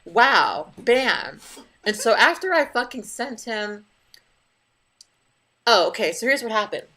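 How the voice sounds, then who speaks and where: A woman's voice: fairly high pitch, sing-song, slow, bright, forceful tone. A young adult woman venting to camera in a casual vlog, blunt and profane as she tells her story. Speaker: vlogger.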